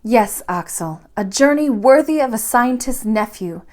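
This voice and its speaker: A woman voicing a gentle but brave young woman who speaks softly and sweetly. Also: on the high side, unhurried. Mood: earnest. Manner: soft, sweet and steady.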